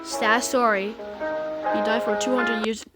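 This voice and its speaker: A woman's voice: on the high side, little pitch movement, measured pace. A woman doing let's-play commentary, reading game dialogue aloud and gasping and squealing at the scares. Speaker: gameplay commentator. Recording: loud game music over the voice.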